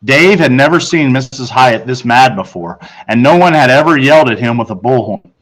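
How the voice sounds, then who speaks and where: A man's voice: medium pitch, lively intonation, fairly quick, fairly bright tone, low-quality recording. Man reading a children's book aloud. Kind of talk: read-aloud storytelling.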